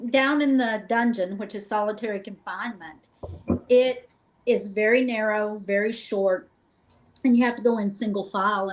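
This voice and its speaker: A middle-aged woman guest, telling lively, joking stories about a paranormal investigation in a casual chat. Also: mid-range voice, poor audio. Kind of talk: casual storytelling.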